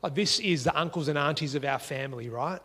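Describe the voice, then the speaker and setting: An Australian man with a fairly high pitch talks fast as he relates his life story, animatedly acting out the dialogue in a conversational style. He's seated at a dining table at home, though the audio has a big-room sound.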